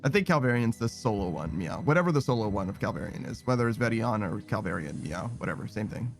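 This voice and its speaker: A man's voice: fairly low pitch, lively intonation, gravelly, faint music behind. Laid-back streamer man saying "meow" constantly. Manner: tacks a quick "meow" onto nearly every phrase; rambling, laid-back, swears casually. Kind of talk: casual gaming stream chat.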